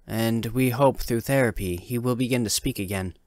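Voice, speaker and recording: A man doing a calm woman doctor, raised voice. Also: mid-range voice, normal speed, no room sound, close to an everyday voice. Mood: reassuring. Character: calm female hospital doctor.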